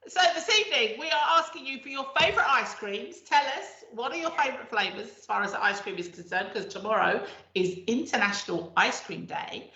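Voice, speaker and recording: A woman's voice: a little high, a little fast, pushed and bright, reverberant, highs cut off. A woman co-hosting a casual chat show, chatty and reading out facts from history. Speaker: co-host.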